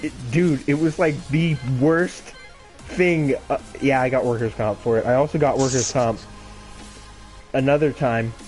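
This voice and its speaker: A man's voice: mid-range voice, unhurried, a little mellow, faint music behind. A man in his twenties telling a casual, rambling story full of swearing and self-mocking laughs. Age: 20s. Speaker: gaming channel host.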